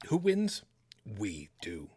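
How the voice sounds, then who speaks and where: A man hosting a podcast in casual chat, blunt and quick to swear. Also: on the low side, huge pitch swings, darkish tone, breathy edge, no echo. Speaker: podcast host.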